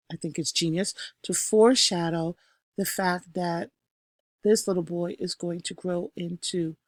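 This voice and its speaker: A woman teacher recording a review lesson, calling out each term with emphasis and then explaining it slowly with the odd filler. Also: fairly low pitch, dry recording, clean studio sound. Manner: slow, explanatory, punches each new term.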